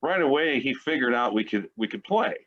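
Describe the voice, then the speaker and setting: A man's voice: mid-range voice, expressive, brisk. A man around sixty, a guest musician, telling long rambling anecdotes in a casual interview. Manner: rambling, chatty anecdote-teller. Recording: dull lo-fi sound.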